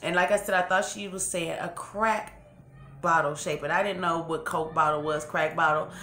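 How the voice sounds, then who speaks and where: A Los Angeles eating-show vlogger, seated in a chair at home, tells a story while eating on camera, rambling, chatty and correcting herself. Her voice is lowish, sharp and fairly even at a moderate pace, in a roomy room with slight background noise and faint music.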